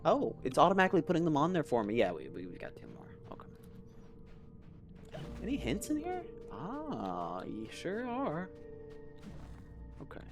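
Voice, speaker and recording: A chatty man rambles through casual gameplay commentary, amused at himself. His pitch swings freely as he talks. Faint game music plays under his voice. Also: huge pitch swings, a little fast, long pauses. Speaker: let's play host.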